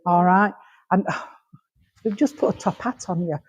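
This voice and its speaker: Slightly slow and husky in a mid-range voice, a medium from Rotherham with a Yorkshire accent gives messages to an audience in a village hall. Nearly every thought ends with "all right?", and she calls listeners darling and sweetheart. The hall's reverb lingers long.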